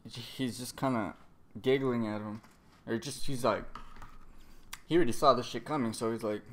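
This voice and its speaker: A man's voice: mid-range voice, steady tone, normal speed. A man casually recapping a comic chapter, rambling, cursing a lot and trailing off into fillers. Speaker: manga reviewer.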